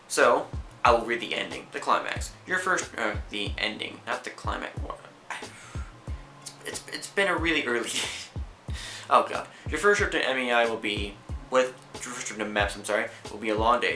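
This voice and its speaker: A tired young man vlogging casually, rambling and self-mocking as he acts out quotes. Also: lowish voice. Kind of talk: casual vlog talk. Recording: echoey room with soft music.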